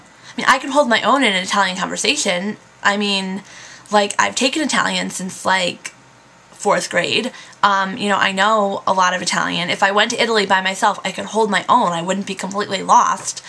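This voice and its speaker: A woman's voice: medium pitch, bright, forceful tone. A young American woman in her twenties, chatting casually in a vlog, full of fillers and "like", getting worked up as she vents. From United States. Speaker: vlogger.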